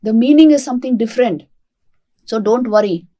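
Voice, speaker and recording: A man's voice: extremely high pitch, fairly quick, dark tone. A woman voicing an annoyed, proud husband who brushes off his wife, in a retold devotional story. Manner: dismissive, lecturing. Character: proud, irritable poor old priest.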